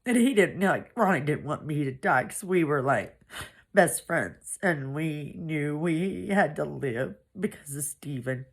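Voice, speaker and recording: A woman from Pennsylvania giving a personal testimony, halting and emotional, with many restarts and fillers. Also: low voice, animated, husky. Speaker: survivor telling her story.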